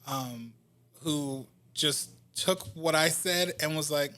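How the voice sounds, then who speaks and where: A man from New Jersey, an R&B singer, telling stories as a guest in a casual interview, animated and laughing often. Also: on the high side, takes it slowly.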